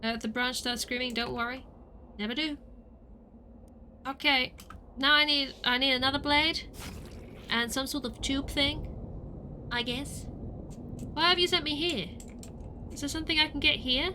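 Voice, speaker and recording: A woman's voice: sits high, steady tone, moderate pace, pauses often, sharp tone, a little hiss or hum. A woman streamer playing a game, joking and talking to herself with rambling questions. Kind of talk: casual game let's play.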